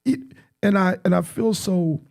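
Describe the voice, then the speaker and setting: A middle-aged man, a guest on a casual podcast chat, talking in an animated, self-deprecating way and tripping over his words. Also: high-pitched, unhurried.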